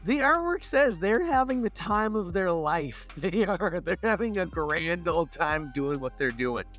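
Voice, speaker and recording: A man's voice: high voice, very animated, fairly bright tone. Man, podcast co-host, casual chat, enthusiastic, gushing, faint music. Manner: enthusiastic, quick to laugh, gushing.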